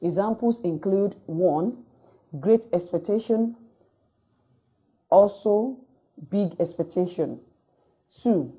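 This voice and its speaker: A woman lecturer reading out word lists item by item in a measured, dictating way for a recorded distance-learning lecture. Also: medium pitch, mellow, breathy edge.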